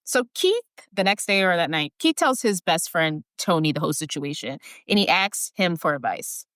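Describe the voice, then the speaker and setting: A woman co-hosts a podcast, throwing blunt, joking comments into a movie recap and swearing casually. Her pitch swings widely as she talks. The recording is dry and close. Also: sing-song, moderate pace, a bit bright, no room sound. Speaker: podcast co-host.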